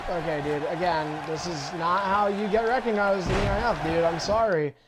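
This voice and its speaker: A young man with a high voice runs a live gaming stream, talking straight into his mic. He is brusque and foul-mouthed, bossing players around and getting impatient while he sets up matches. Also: normal speed, heavy background noise. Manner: profane, impatient, bossy. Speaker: online wrestling league host. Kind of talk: casual livestream talk while setting up matches.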